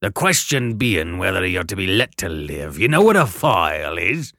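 A man voicing a rough, hungry escaped convict who barks gruff threats in coarse rustic speech. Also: sits low, very animated, moderate pace, pushed and bright, no room sound, studio quality, exaggerated voice. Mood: menacing. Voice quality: gruff, growling.

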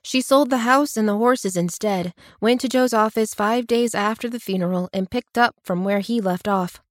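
Female audiobook narrator, mid-pitched, dry close-miked read. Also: moderate pace, no echo. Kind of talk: scripted narration.

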